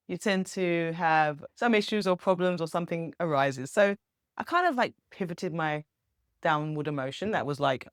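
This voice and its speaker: A woman's voice: fairly low pitch, lively intonation, normal speed, smooth, no room sound, clean studio sound. A woman, talking casually and earnestly to camera as a spiritual vlogger. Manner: upbeat, earnest, chatty with small laughs. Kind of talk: casual reflective monologue.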